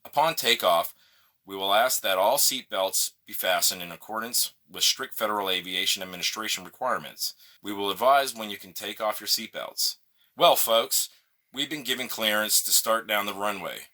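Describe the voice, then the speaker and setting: A smug airline captain, as a man puts him on, crackling over the cabin PA in a slow, drawn-out announcer manner. The voice is low and pitched well below the storyteller's own, with a very bright, sharp edge.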